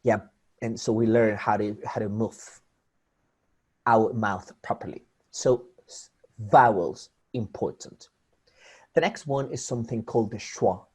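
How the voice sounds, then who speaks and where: A man speaks slowly and deliberately in a husky voice, teaching English pronunciation. He repeats example words again and again and often breaks off and restarts his phrases while he explains. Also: fairly low pitch, a little mellow. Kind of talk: online English pronunciation lesson.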